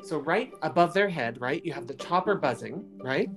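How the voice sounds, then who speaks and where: A woman's voice: low-pitched, expressive, moderate pace, music in the background. A woman co-hosting a podcast, chatting casually and retelling a news story, with many fillers. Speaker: podcast co-host.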